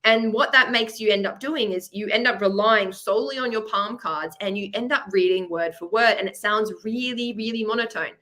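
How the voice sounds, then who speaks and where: A woman's voice: medium pitch, normal speed, few pauses, pushed and bright. A woman with an Australian accent presenting a webinar masterclass for students, chatty and encouraging, explaining with examples over a webcam. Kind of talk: upbeat teaching webinar.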